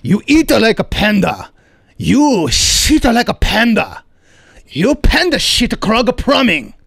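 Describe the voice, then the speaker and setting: Comedian doing a cranky, suspicious landlord, Korean accent, slow accusing broken English, swings high and low. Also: male voice, sing-song, creaky, a bit bright, slightly rough, dry recording, studio quality, heavily acted. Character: grumpy suspicious middle-aged male landlord.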